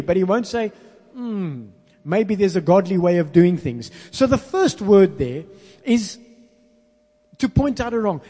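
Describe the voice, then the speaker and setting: A man preaching a sermon, stressing words slowly and calling on the congregation to repeat after him. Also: high voice, mellow, breathy edge. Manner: call-and-response with congregation; emphatic, slows down to stress words. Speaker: pastor. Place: church hall. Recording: long reverb in a large hall.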